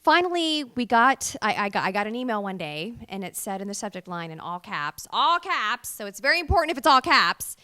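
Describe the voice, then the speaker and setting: A woman voice actress being interviewed at a convention, telling lively stories and acting out the people in them. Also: medium pitch, fairly quick, hardly any pauses. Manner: animated storyteller, acts out quotes with voices.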